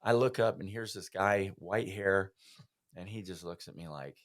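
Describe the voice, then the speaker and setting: A man's voice: low-pitched, moderate pace. A man, a podcast guest, giving an earnest, heartfelt personal testimony in an interview.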